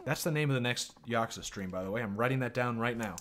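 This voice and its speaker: A man's voice: medium pitch, fast, a bit bright. An American man streaming a game, chatting casually and laughing as he comments. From United States. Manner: laughs often, reads game dialogue aloud, loose and joking.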